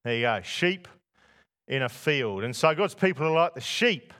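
A man's voice: medium pitch, expressive, normal speed, fairly bright tone. A man preaching a sermon to a church congregation, putting rhetorical questions to his listeners. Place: church before a masked congregation.

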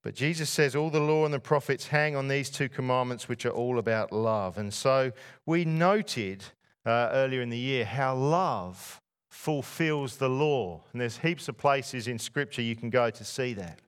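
A man's voice: medium pitch, unhurried, clean tone. A man preaching a sermon to a church congregation, putting rhetorical questions to his listeners. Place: church before a masked congregation.

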